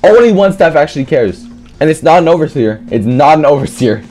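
A man giving live gameplay commentary as a gaming streamer, excitable and trash-talking, swearing often. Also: a little high, a little fast, faint music behind.

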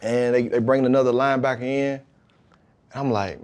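A man's voice: mid-range voice, fairly quick. A man, a podcast guest, telling a personal story in casual, slang-heavy talk and acting out the quoted dialogue. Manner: animated, acts out quoted dialogue; relaxed slang-heavy talk with frequent "you know what I mean". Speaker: podcast guest, pro football player.

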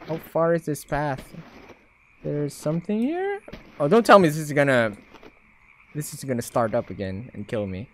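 A young woman with a Filipino accent commentating a horror game, swearing freely and breaking into loud panicked yelps. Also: low-pitched, very animated, normal speed, long pauses, a little hiss or hum. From Philippines. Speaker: gaming YouTuber.

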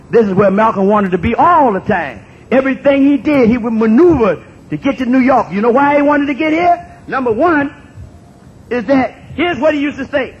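A man in his sixties gives an impassioned public talk to an audience. He repeats phrases for emphasis and builds up to shouts. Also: animated, moderate pace, slightly rough. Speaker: speaker addressing an audience. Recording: dull lo-fi recording with faint rumble.

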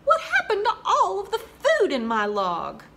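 A woman's voice: fairly high pitch, sing-song, unhurried, sharp tone, a little hiss or hum, exaggerated voice. A woman voicing a fussy young male frog who is a picky eater, in a theatrical, sing-song, raised voice for a storybook. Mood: dismayed.

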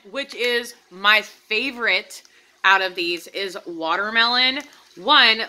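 A woman with a very bright, ringing voice talks casually to her viewers as she reviews candles. She is eager and chatty, and she keeps checking in with her audience. Her pitch sits in the middle for a woman. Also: poor audio. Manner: chatty, enthusiastic, addresses viewers as "you guys". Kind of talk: casual product review vlog.

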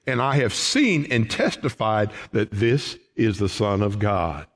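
Preacher guy, slow and swoopy, folksy and fired up in church. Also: on the low side, big pitch swings. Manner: folksy, emphatic preaching with rising outbursts. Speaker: pastor. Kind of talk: sermon. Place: church sanctuary.

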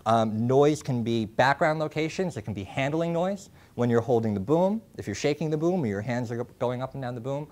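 A young man presenting a classroom workshop, talking in a halting way with many ums and restarts. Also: medium pitch, animated, a little mellow. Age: young adult. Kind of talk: classroom lecture. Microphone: lapel mic.

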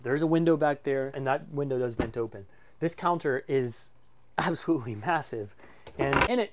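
Inside a motorhome, a man with a slightly high voice casually shows it off for sale, eager and peppering his talk with "um" and "like." There's a little background noise.

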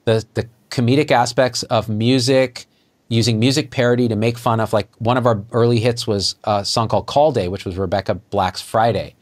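A middle-aged man, a physician guest, telling a story in conversation and acting out the dialogue with lively jumps in his voice. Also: normal speed. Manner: animated, acts out quoted dialogue with jumps in pitch.

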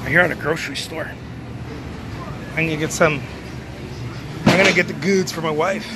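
A man's voice: fairly high pitch, fairly even intonation, normal speed, heavy background noise. A man, a painter who runs an art studio, chatting casually to viewers in a rambling, laid-back way, tossing in swears and calling them man and dude. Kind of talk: casual live video chat. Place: grocery store.

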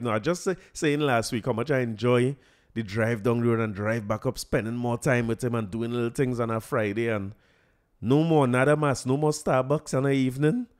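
A man with a Trinidadian accent hosting a podcast, telling a story in a lively, laughing, colloquial way. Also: mid-range voice. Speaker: podcast host. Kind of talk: casual storytelling chat.

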